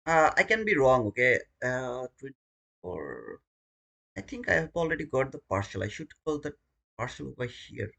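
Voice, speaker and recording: Bright-voiced man pleading at live charts. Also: mid-range voice, big pitch swings, moderate pace, gravelly. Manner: pleads and chants at the chart, scolds himself. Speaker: day trader streaming live. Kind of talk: live trading commentary.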